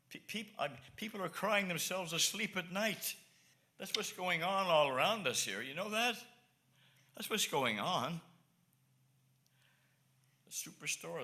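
With a voice on the high side, a man preaches as an evangelist, earnest and repetitive. He shifts back and forth between quiet asides and emphatic declarations.

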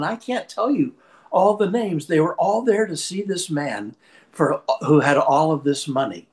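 A man preaching a sermon and telling a personal anecdote in a lively storytelling manner. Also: fairly high pitch. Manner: lively storyteller, shifts pace for effect.

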